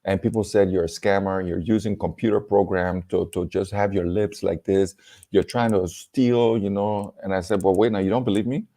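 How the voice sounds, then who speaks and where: German-accented comedian, low voice, lively anecdotes over a video call. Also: male voice, moderate pace. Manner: animated, laughs often, acts out quotes. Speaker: comedian and storyteller. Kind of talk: casual storytelling chat.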